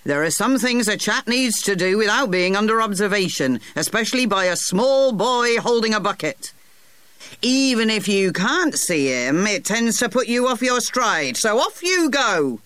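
A narrator doing a firm old gardener who won't be argued with. His voice is pushed high and clipped, with a dry, close sound. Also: sing-song, moderate pace, fairly bright tone, clean tone, no echo.

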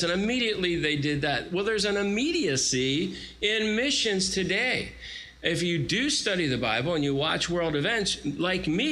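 Brief: forties male guest preacher, bright forceful voice, lively storyteller. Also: high voice, slight background noise, poor audio. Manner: animated storytelling with acted-out quotes. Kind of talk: sermon.

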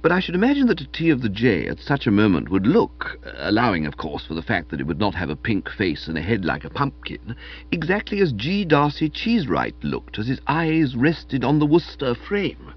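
Male audiobook reader, husky, playful comic narration, muffled lo-fi sound. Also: medium pitch, a little fast. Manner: animated, wry storytelling, characterful quotes. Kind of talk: scripted comic novel narration. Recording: dull lo-fi recording.

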